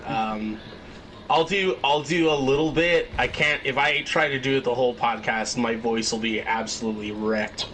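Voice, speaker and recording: A young man hosting a casual podcast, talking in a halting way with many fillers. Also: medium pitch, sharp tone, a little hiss or hum, rough recording. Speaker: podcast host.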